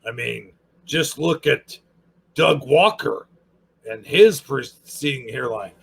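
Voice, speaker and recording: A man's voice: mid-range voice, slow pace, creaky, a bit bright, breathy edge. A man hosting a casual channel review, sarcastic and rambling.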